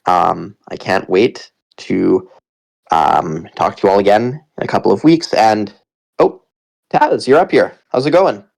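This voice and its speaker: A Canadian man hosting a casual community town hall, relaxed and jokey, rambling a little as he talks into a computer mic. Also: on the low side, unhurried, vocal fry. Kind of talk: casual live audio chat.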